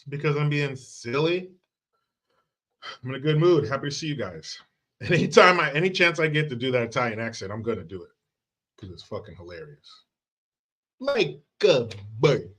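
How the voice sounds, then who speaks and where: A man's voice: medium pitch, pushed and bright. A man hosting a livestream, talking casually and profanely and laughing often. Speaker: livestream host.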